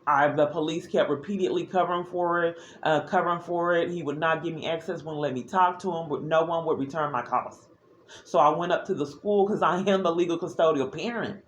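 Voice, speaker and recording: A woman's voice: low-pitched, brisk, a little hiss or hum. A woman recording a personal video diary, speaking earnestly and with agitation, often restarting her sentences.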